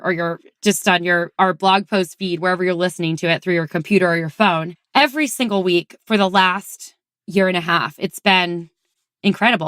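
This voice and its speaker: A woman's voice: on the low side, fairly bright tone, no echo, clean studio sound. A woman hosting her own podcast, talking casually and effusively to her listeners and laughing now and then. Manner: bubbly and effusive, laughing often. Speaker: podcast host. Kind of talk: casual solo podcast talk.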